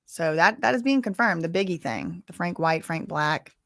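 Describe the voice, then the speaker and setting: A woman's voice: lowish voice, expressive, moderate pace, gravelly, hardly any pauses, fairly bright tone, no echo, clean studio sound. A woman hosting a live news commentary stream, reading updates and adding casual, rambling asides.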